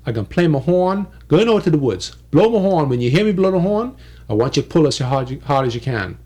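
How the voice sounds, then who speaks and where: Small crafty male trickster, voiced by the storyteller; coaxing, sly, lively pitch. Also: brisk, slightly rough.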